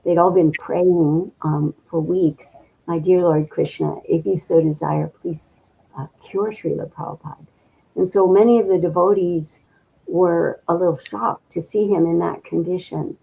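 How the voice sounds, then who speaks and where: Slow, gravelly older woman reminiscing. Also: on the low side, steady tone, mellow, poor audio. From midwestern US. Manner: slow and reflective, with many pauses and fillers. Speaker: interview guest. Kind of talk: reminiscing in an interview.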